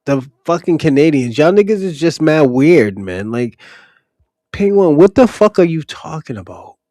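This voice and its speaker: A man's voice: fairly high pitch, animated, normal speed, mellow, dry recording, clean studio sound. A man hosting a livestream, talking bluntly and profanely straight to his chatters. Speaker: livestream host answering chat. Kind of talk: casual ranting commentary.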